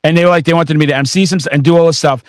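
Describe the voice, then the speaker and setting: A man hosting a podcast, chatting casually and excitedly with a rambling flow. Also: fairly high pitch, very fast, dry recording, clean studio sound. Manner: excitable, rambling, with bursts of laughter. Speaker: podcast host. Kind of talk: casual interview chat.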